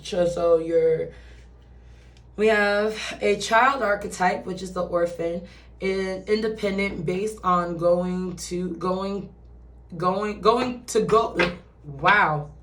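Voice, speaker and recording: Lady doing a tarot reading, slow and low-ish, sounds far off in an echoey room. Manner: chatty, swearing, acts out quoted voices. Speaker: tarot reader. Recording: roomy echo, distant from mic.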